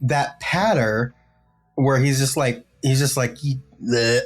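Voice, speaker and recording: A man co-hosting a podcast, chatting casually and excitedly, swearing freely and trailing into fillers. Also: medium pitch, takes it slowly, soft background music. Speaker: podcast co-host. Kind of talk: casual chat about music.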